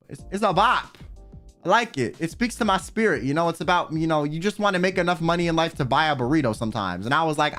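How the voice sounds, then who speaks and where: A young man chatting casually on a livestream, telling a story with lots of swearing and sudden high yelps. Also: animated, fast, a bit bright, faint music behind. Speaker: streamer. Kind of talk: casual stream chat.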